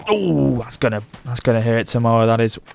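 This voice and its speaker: A young man commenting on his strategy game as a let's play host, gushing with excitement. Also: mid-range voice, fast talker, slight background noise. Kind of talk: gameplay commentary.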